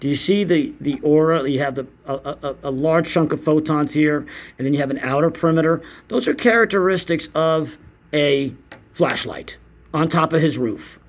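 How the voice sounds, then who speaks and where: A man's voice: on the high side, moderate pace. A man giving casual commentary on videos in a sarcastic, mocking, profane manner. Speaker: YouTube commentator.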